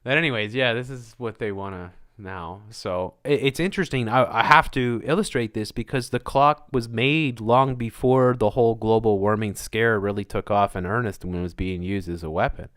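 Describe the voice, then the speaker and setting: A man's voice: fairly low pitch, normal speed, few pauses, a bit bright. A man hosting his own podcast, delivering a sarcastic, mocking opinion monologue and laughing at his own jokes. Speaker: podcast host.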